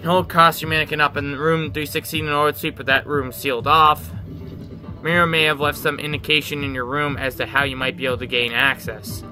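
A man voicing a formal, helpful hotel concierge in a video game, reading the lines in a measured way. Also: on the high side, flat delivery, bright, forceful tone, faint music behind. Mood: courteous.

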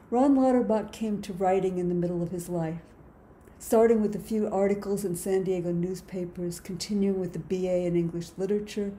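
A woman's voice: fairly low pitch, mellow, slight background noise. A woman on the program faculty reading a formal introduction of the next reader. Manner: formal, read from notes. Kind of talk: scripted introduction.

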